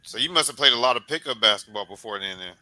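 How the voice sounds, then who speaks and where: Bright-voiced man hosting a sports podcast. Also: quick pace, rough recording. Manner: animated, beats out rhythms with repeated "boom" sounds; loose, repetitive, encouraging coach-like talk. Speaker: podcast host. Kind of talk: casual sports interview chat.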